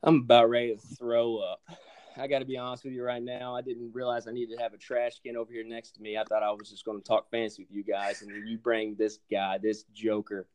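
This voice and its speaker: A man's voice: mid-range voice, little pitch movement, brisk, a little mellow. A man, a podcast guest, doing mock-angry fantasy league trash talk, theatrical and stammering, building to blustery outbursts.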